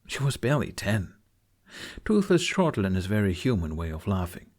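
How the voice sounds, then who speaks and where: A man narrating a fan audiobook chapter in a measured storytelling manner. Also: fairly low pitch, sing-song, a little mellow.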